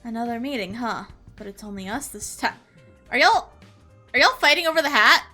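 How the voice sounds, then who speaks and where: A young woman livestreams a game with a very bright, lively voice that leaps up and down. She laughs, swears and shrieks often. Faint game music sits behind her. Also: a little high, moderate pace, long pauses. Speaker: streamer. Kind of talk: casual game livestream chat.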